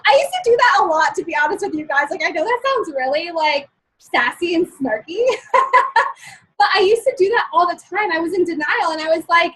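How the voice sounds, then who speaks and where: A woman's voice: very high-pitched, lively intonation, normal speed, fairly bright tone, rough recording. A woman giving a live-streamed motivational talk. She is chatty and upbeat, laughs often between points, and keeps checking in with her listeners. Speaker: motivational speaker.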